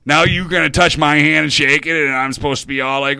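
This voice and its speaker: A middle-aged radio host talks in a nervous, meandering confessional, constantly tripping over his words and starting again. His voice is bright and edgy, sitting close on a dry mic with no room sound. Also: fairly high pitch, fairly even intonation, brisk, gravelly, smooth, no room sound. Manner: nervous, self-interrupting, restarts often. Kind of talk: rambling confessional monologue.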